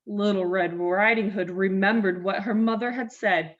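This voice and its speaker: A woman reading a children's story aloud to learners, expressive and clear. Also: medium pitch, moderate pace, few pauses. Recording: dull lo-fi sound.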